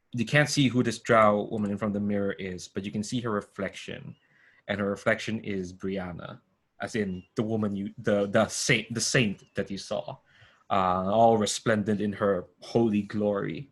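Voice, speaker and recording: A man's voice: lowish voice, fairly even intonation, measured pace, fairly bright tone. A man narrating as game master, rambling with many fillers and restarts over a video call.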